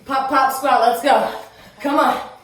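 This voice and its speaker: A woman instructor coaching a workout, energetic, counting down reps and chatting between moves, out of breath. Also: high-pitched, slow pace. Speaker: fitness instructor. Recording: roomy echo, distant mic, music behind.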